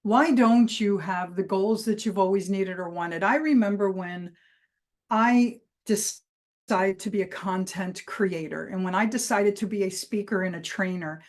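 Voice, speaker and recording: A woman giving a motivational keynote, telling a personal story with lively emphasis and punchy phrasing. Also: mid-range voice. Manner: lively anecdotal delivery with vivid emphasis. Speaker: keynote speaker and trainer.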